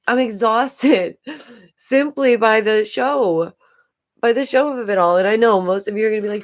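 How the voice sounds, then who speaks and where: A woman's voice: medium pitch, normal speed. Exasperated woman vlogger with frequent laughs. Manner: exasperated, rambling, laughs often. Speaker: YouTube commentary host. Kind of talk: casual commentary vlog.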